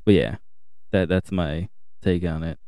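A man's voice: deep voice, steady tone, measured pace, mellow, no echo, studio quality. A man co-hosting a podcast in casual chat, ranting animatedly and swearing freely. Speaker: podcast co-host. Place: home podcast setup.

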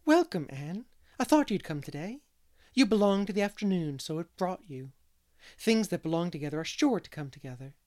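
A man voicing a gentle, romantic woman who speaks in a warm, dreamy way. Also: high voice, very animated, moderate pace. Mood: welcoming.

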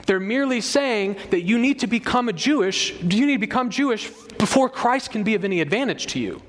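A man with a high voice preaches an expository sermon and leans hard on repeated phrases for emphasis. His voice rings out in a hall with a long reverb. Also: expressive, fairly quick. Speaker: pastor.

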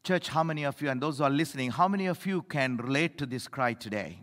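A middle-aged male pastor preaching a sermon, emphatic, swinging between loud appeals and low asides, in a church. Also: lively intonation, fast talker. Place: church sanctuary. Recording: echoey hall reverb.

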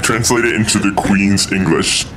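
A man's voice: lowish voice, normal speed, over a noisy crowd. A man chatting playfully through a co-op game, silly and boastful. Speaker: gamer. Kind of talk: playful co-op gameplay chat.

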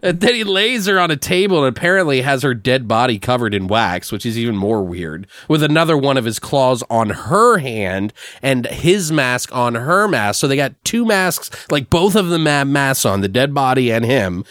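A man's voice: medium pitch, normal speed, few pauses, dry recording, clean studio sound. A man casually recapping a movie, swearing and laughing often as he tells it. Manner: profane, laughs often, animated storytelling. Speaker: podcast host.

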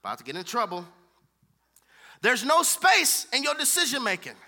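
High, bright-voiced preaching man. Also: huge pitch swings, moderate pace. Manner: impassioned preaching, rhythmic repetition, voices God's words. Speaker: pastor. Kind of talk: sermon.

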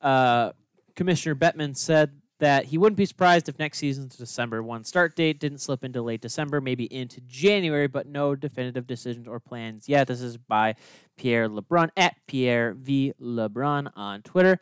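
A man's voice: medium pitch, normal speed, clean tone, no room sound. A young man co-hosting a sports podcast, reading the news in a dry, exasperated way. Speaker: podcast co-host.

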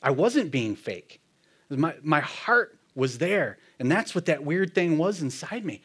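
A man's voice: sing-song, measured pace, fairly bright tone, slightly rough. A man telling a personal faith story in a casual, earnest way, often laughing and dropping his voice when quoting others. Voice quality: self-described hard-headed, plain-spoken. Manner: casual and earnest, laughs often, quotes himself and his friend in a lowered murmur. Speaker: speaker sharing a personal testimony. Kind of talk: storytelling testimony.

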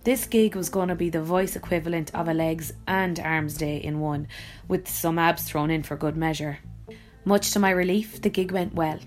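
A woman's voice: low voice, moderate pace, soft background music. A woman with an Irish accent, an actor and voice-over artist, reading her own blog post aloud in a reflective, wry and personal way.

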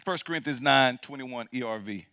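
A man's voice: normal speed, clear, resonant tone, no room sound, clean studio sound. A man preaching a sermon as pastor, reading scripture aloud and calling out questions to the congregation. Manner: builds from low and quiet to loud and high.

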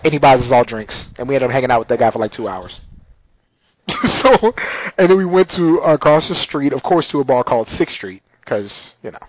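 A man's voice: medium pitch, no room sound, muffled recording. A man telling a story in casual chat, acting out the people in it. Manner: animated storyteller, acts out voices.

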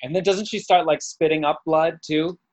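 A man's voice: a little high, steady tone, moderate pace, darkish tone. A man co-hosting a podcast in casual chat, asking teasing, mock-scientific questions. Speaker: podcast co-host.

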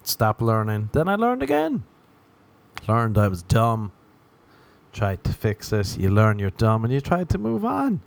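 Young male comedian, slightly low voice, rambling profane monologue, sarcastic. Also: animated, measured pace, creaky. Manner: profane, sarcastic, laughs at own jokes.

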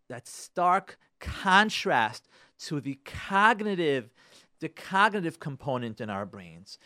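A man hosting a radio talk show on marriage, speaking in an animated way, often repeating himself and sometimes acting out arguing spouses. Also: fairly high pitch, dry recording, studio quality. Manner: animated, acts out quarrelling spouses in a raised voice; repeats and restarts words, uses Hebrew religious terms.

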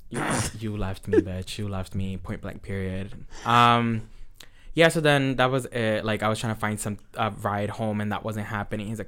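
A man's voice: lowish voice, normal speed, clear, resonant tone. A young man co-hosting a casual chat, telling a story in a brash, profane way. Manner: brash, profane storytelling with animated quoted outbursts.

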